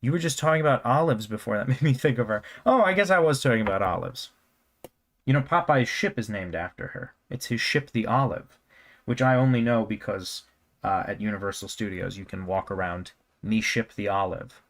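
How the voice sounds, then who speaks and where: A man's voice: mid-range voice, lively intonation, fairly quick. A man chatting casually while drawing on a live stream, rambling with jokey self-mocking asides and a scratchy throat. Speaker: cartoonist streamer.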